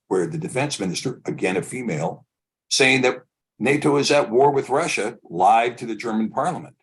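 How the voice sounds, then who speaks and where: Guy hosting an online talk show, lowish husky voice, chatty opinionated rambling commentary. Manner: discursive, opinionated, building his points slowly. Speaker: host.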